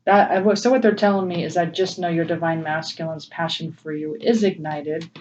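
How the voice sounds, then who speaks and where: A woman's voice: fairly even intonation, fairly quick. Emotional woman tarot reader, distant mic. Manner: gentle, emotional, laughs often. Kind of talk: casual spiritual tarot reading. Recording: distant, dull low-fi mic with faint noise.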